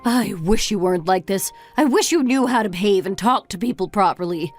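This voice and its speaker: A woman's voice: medium pitch, expressive, a little fast, a little mellow, faint music behind, natural voice. An actress playing a bitter, reproachful middle-aged mother in a scripted text-story drama, lecturing her grown son.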